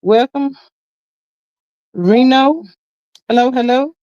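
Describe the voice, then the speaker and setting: A woman's voice: high-pitched, takes it slowly, darkish tone, no room sound, highs cut off. A woman hosting a casual livestream, chatty and slangy, greeting viewers by name and reading their comments aloud. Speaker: livestream host.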